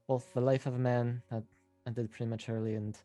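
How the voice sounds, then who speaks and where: Formal official, even and measured, dry-sounding, man voicing him. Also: medium pitch, no echo, soft background music, natural voice.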